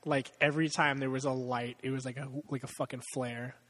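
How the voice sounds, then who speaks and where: A man of middle pitch rambles through a casual talk about films, swearing freely and laughing at his own jokes. His voice sits at an ordinary height, loose and unpolished. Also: flat delivery, fairly quick, fairly bright tone, in a large hall. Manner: profane, rambling, laughs often. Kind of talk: casual chat about movies.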